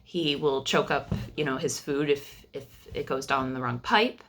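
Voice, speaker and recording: Young woman vlogger, low and crisp, candid and chatty, storytelling to camera. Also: unhurried, a bit bright, slight background noise. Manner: chatty and candid, with frequent fillers and restarts. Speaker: vlogger telling her family's story.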